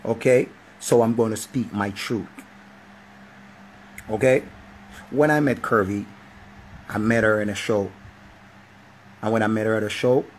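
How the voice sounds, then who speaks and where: A man imitating another man's slow, solemn public statement. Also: mid-range voice, slight background noise, voice pushed down, lightly acted, poor audio. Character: soft-spoken grown man making an earnest public statement.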